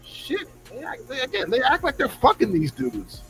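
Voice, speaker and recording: A man's voice: very high-pitched, wildly swooping pitch, fairly quick, gravelly, fairly bright tone, faint music behind, rough recording. A man on a podcast, ranting in a profane, exasperated way and mocking fans in put-on voices. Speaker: podcast co-host. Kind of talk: heated casual podcast rant.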